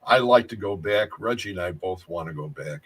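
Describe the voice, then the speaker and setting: A man's voice: sits low, expressive, normal speed, a bit bright, slightly rough, rough recording. A man telling paranormal stories in a casual chat, rambling and restarting his sentences often. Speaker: paranormal investigator.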